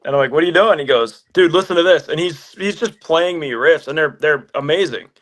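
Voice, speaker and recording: A musician in a casual interview, telling stories with lively acted-out phone calls. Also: male voice, a little high, brisk. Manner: animated storyteller, acts out phone calls.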